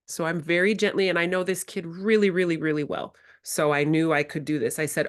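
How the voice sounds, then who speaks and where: A woman's voice: fairly low pitch, fairly even intonation, fairly quick, few pauses. A woman presenting a workshop to educators, talking in a reflective, candid way and acting out her own quoted words. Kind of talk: teaching workshop talk.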